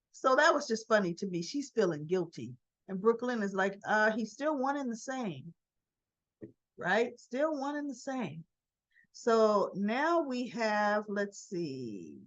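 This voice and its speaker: A woman casually recapping a soap opera episode, acting out the characters' lines in an animated way and laughing often. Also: a little high, dull audio.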